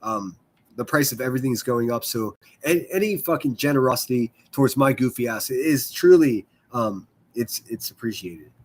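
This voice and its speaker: A man hosts a casual livestream, rambling and swearing freely while chatting with viewers. His voice is medium-pitched and animated, at normal speed. He comes across as profane, rambling and self-deprecating.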